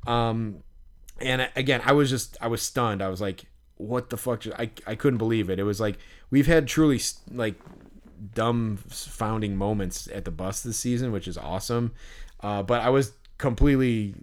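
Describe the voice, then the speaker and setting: A man co-hosting a podcast, telling a story in an animated, rambling way, full of fillers and the odd swear word. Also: lowish voice, moderate pace. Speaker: podcast co-host. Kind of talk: casual storytelling chat.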